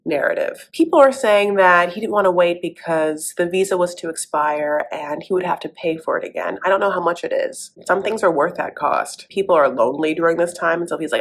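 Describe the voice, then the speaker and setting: A woman's voice: on the low side, lively intonation, brisk, hardly any pauses. A woman hosting a comedic reality TV recap, sassy and sarcastic, who calls listeners honey. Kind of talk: comedic commentary.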